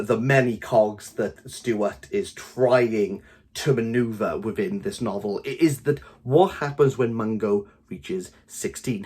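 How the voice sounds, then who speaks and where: A man with a Welsh accent giving an opinionated book review in a vlog, talking in animated, exasperated bursts. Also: mid-range voice, husky. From Wales.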